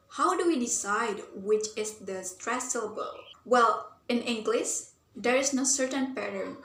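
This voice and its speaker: A woman's voice: a little high, a bit bright. Earnest young woman explaining a class topic. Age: young adult. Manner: earnest, thinking aloud with frequent "like" and "um". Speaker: university student presenter. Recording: roomy echo.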